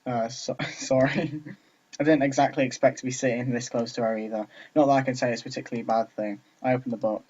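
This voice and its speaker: A man's voice: medium pitch, fairly even intonation, quick pace, a little mellow. A man reading a visual novel aloud and commenting, with chatty, joking asides. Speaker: let's player. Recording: dull lo-fi recording.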